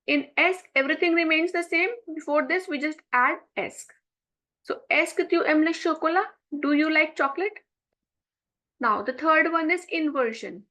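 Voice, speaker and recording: A woman's voice: high voice, sharp tone, rough recording. A woman with an Indian English accent teaching a French lesson online, reading each French sentence and then explaining it step by step. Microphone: screen-share recording.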